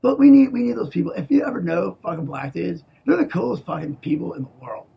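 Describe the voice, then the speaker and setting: A man in a rambling, profane monologue, swinging between loud outbursts and low mutters and tagging lines with "okay?". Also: animated, quick pace, gravelly, husky, dull audio. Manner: profane, repeats "okay?", restarts a lot.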